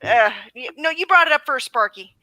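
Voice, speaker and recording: A woman's voice: high voice, expressive, a little fast, sharp tone, no room sound. A woman joining a casual chat, teasing and playful.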